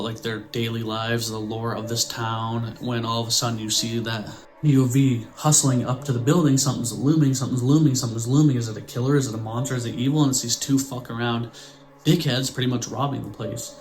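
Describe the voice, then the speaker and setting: Twenties guy hosting a horror vlog: amped-up, foul-mouthed chatter at an average pitch over quiet background music. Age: 20s. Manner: excitable, swears freely, lots of "like". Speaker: horror channel host. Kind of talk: casual movie review vlog.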